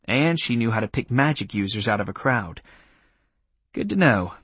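A man narrating an audiobook in the first person, with wry, expressive storytelling. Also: mid-range voice, moderate pace, husky, no echo.

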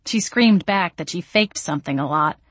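A woman's voice: fairly low pitch, lively intonation, moderate pace, a bit bright, slightly rough, dry recording. A woman narrating a first-person audiobook in a wry, self-mocking way.

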